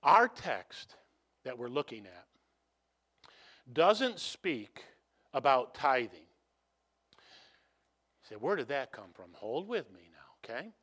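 A man preaching a sermon, telling stories with animated swings from hushed to loud and frequent restarts. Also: medium pitch, slow pace, long pauses. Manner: repeats and restarts phrases. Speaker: pastor.

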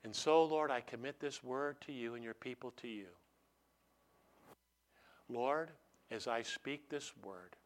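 A man preaching a sermon in a conversational way, repeating his key phrases and ending in prayer. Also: medium pitch. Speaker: pastor.

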